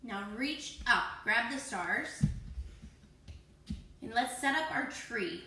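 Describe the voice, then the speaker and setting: A woman's voice: on the high side, expressive, slow, creaky, sharp tone, slight background noise. A woman teaching a children's yoga class, playfully encouraging and cueing poses and breaths, with animal sounds. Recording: echoey room.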